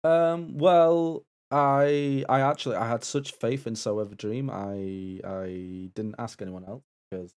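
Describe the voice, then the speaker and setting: A man's voice: mid-range voice, fairly even intonation, measured pace, few pauses, a little mellow, clean tone. A man co-hosting a charity live stream in casual banter, easygoing and often restarting his words. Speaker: co-host and assistant of a stream event.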